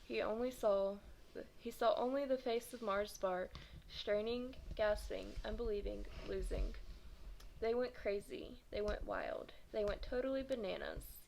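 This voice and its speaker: A woman in her twenties reading a children's novel aloud in a steady manner, with occasional stumbles and self-corrections. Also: a little high, a little slow, creaky, poor audio. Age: 20s. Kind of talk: storybook read-aloud.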